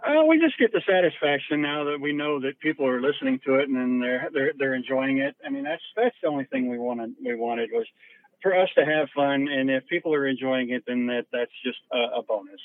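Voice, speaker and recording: Halting man on a tinny line. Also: mid-range voice, expressive, no room sound. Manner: halting, repeats words. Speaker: interviewee. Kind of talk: casual interview talk.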